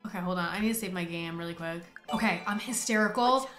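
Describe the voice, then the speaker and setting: Woman, gaming commentary, excitable and swearing, bright tone, echoey room. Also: mid-range voice, brisk. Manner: excitable, swears often, bursts of laughter. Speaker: gaming streamer. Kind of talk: casual gameplay commentary. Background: faint game music.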